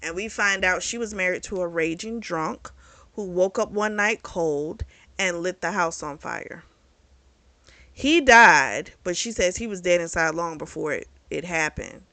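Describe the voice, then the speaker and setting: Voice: mid-range voice, a little slow, sharp tone, no room sound. A book reviewer casually retelling a novel's plot in a candid, profane, chatty way.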